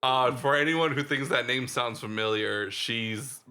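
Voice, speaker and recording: A man's voice: mid-range voice, measured pace, pushed and bright, smooth. A man co-hosting a podcast, chatting casually about a film in a rambling way with lots of fillers. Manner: rambling, heavy on fillers like "like" and "dude". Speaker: podcast co-host. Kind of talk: casual movie-review chat.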